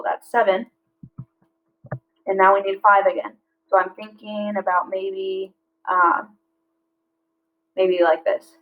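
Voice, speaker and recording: A woman teaches a lesson in a mid-pitched voice. She reads slowly and clearly and breaks words into syllables. The audio is a little dull and lo-fi. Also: flat delivery. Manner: slow, clear syllable-by-syllable reading. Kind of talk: classroom lesson.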